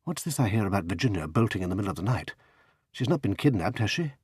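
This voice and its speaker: A man's voice: mid-range voice, sing-song, moderate pace, husky, no room sound, studio quality. A man doing a chummy young English gent. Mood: brisk.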